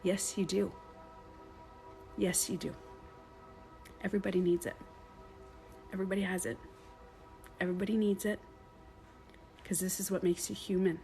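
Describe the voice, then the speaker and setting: A woman voicing the calm inner voice of sadness that speaks to her in meditation, quiet and insistent as it repeats itself. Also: mid-range voice, moderate pace, creaky, pauses often, faint music behind, close to an everyday voice. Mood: soft insistent.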